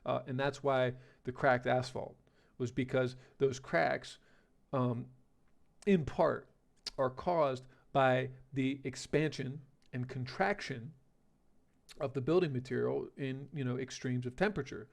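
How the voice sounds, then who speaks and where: A man's voice: medium pitch, steady tone, measured pace, creaky. A male teacher giving a vocabulary lesson, rambling and correcting himself, often checking in with "okay?" and "right?".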